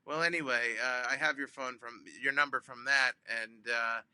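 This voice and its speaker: Bright-voiced man telling a story. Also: medium pitch, fairly even intonation, normal speed, clean tone, dry recording. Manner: acts out both sides of phone calls with big voice jumps; hesitant, many ums and restarts. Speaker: comedian guest. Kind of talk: animated storytelling.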